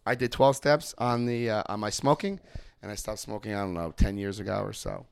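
A man giving personal testimony and leading a recovery step study, telling stories with animated emphasis and repeated phrases. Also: on the low side, moderate pace, vocal fry, smooth, no echo. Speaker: recovery group speaker.

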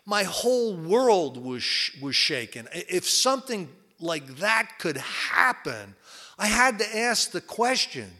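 A man from New Jersey shares his story at a recovery meeting. His voice sits high and sounds bright and forceful. He talks candidly and rambles, with plenty of fillers and repeated words. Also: very animated, slow. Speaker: recovery speaker. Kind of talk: personal testimony talk.

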